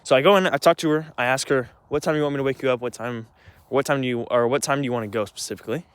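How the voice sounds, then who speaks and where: A man's voice: medium pitch, racing, clean tone, dry recording. A young man telling a long personal story in a rambling, agitated way, with many restarts and some swearing. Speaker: vlogger. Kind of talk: casual storytelling rant.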